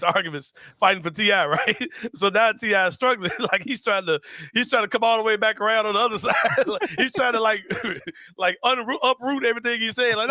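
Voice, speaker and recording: A young man hosting a casual sports talk show, telling stories loudly, laughing often and swearing freely. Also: sits high, dry recording, clean studio sound. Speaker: host.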